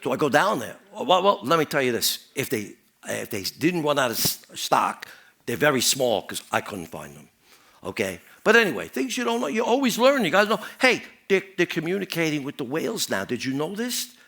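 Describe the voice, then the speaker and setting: A man plays a paranoid, rambling stand-up character who leaps from one wild idea to the next and tosses off deadpan puns. His voice sits high, bright and sharp, and it swoops up and down before dropping to a mutter at the end of each rant. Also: moderate pace, creaky, heavily acted. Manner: rambling, jumps between topics, deadpan puns. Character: rambling, paranoid married man chatting up a worker.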